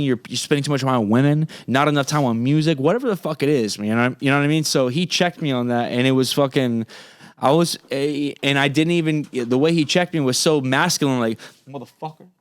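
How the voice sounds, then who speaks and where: A man's voice: mid-range voice, fast talker, clean tone, dry recording, studio quality. A man from Florida, a singer guesting on a podcast, talking in a casual, profane, rambling way full of restarts. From Florida, USA. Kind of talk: casual interview chat.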